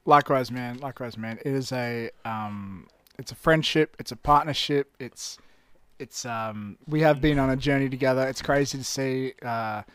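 A young adult man, a podcast guest telling stories in an animated way, swearing often. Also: mid-range voice, smooth, dry recording. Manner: animated, swears a lot, quick bursts. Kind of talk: casual storytelling.

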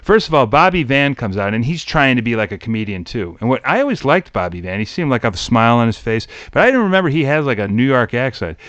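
Middle-aged male host, smooth voice, animated storyteller, dry slightly dull audio. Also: fast talker, few pauses, no room sound. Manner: animated storyteller, mimics voices in a high pitch. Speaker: podcast host. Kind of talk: casual chat about old TV.

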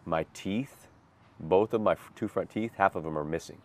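A guest with a low, darkish-toned voice speaking at normal speed tells his life story, focusing on a difficult chapter. The testimony is earnest and self-deprecating, a vivid retelling broken by rueful laughs.

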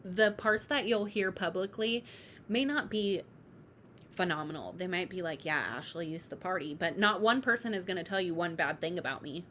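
A woman's voice: on the low side, normal speed, fairly bright tone. A young woman in casual, candid chat, talking freely with lots of "like" and swearing. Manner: chatty, heavy on "like", swears freely. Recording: faint background noise.

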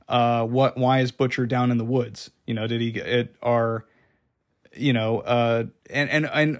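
A man giving a casual, unscripted review of a TV season, rambling with many fillers and restarts. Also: mid-range voice. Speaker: show reviewer.

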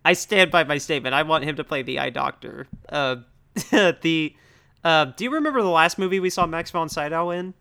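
A man's voice: on the high side, moderate pace, vocal fry, sharp tone, clear, resonant tone. A young man co-hosting a casual podcast about films, rambling with lots of "like" fillers and easy laughs. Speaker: podcast co-host. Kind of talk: casual film discussion.

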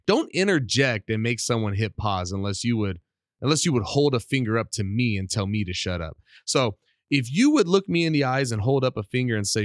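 A middle-aged man hosting a casual solo podcast, rambling and animated while under the weather with a cough. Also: mid-range voice, brisk, no echo, studio quality. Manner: rambling, animated, self-deprecating. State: sick with a cough. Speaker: podcast host.

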